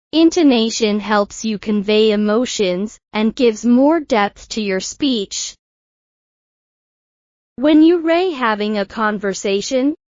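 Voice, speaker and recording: A fairly high-pitched woman delivers a scripted pronunciation lesson at an unhurried, deliberate pace, sounding out each example with care. The audio is dry and a little dull, like a lo-fi recording. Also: no room sound. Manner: slow, careful, over-articulated demonstration. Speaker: English pronunciation teacher. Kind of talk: scripted teaching narration.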